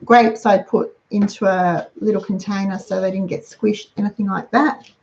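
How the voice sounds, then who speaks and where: A woman's voice: mid-range voice, fairly even intonation, normal speed, creaky, darkish tone, highs cut off, a little hiss or hum. A middle-aged woman chatting casually as a host, running through practical lists of lunchbox ideas. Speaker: host giving lunchbox tips. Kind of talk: casual how-to talk.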